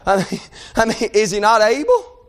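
High pitched preacher guy, fired up, shouting and pleading, then chatty asides. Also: very animated, normal speed. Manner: impassioned, shouting and crying out, conversational asides. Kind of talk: sermon.

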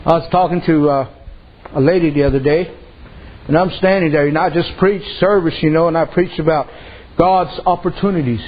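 A man's voice: a little high, steady tone, a little fast, lo-fi sound. A man preaching a sermon as pastor, telling folksy stories and acting out the people in them. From Native American reservation community. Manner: folksy storytelling preacher, acts out voices.

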